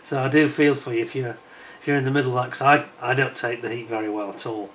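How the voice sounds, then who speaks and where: A man's voice: medium pitch, fairly even intonation, fast, a bit bright. A middle-aged British man chatting casually as a model kit reviewer, rambling onto tangents with plenty of fillers, recorded indoors at home with a fan running. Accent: British English. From United Kingdom.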